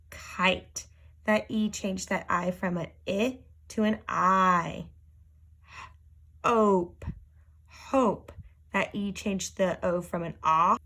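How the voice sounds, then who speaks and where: A woman teacher giving a phonics lesson to young children, sounding out letters and words slowly and carefully. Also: mid-range voice, pushed and bright.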